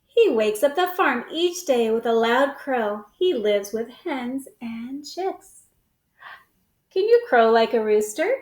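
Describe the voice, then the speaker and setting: A woman hosting storytime, reading a picture book aloud to children in an animated, coaxing way with gasps and exclamations. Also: on the high side, slow pace, roomy sound. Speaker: storytime host.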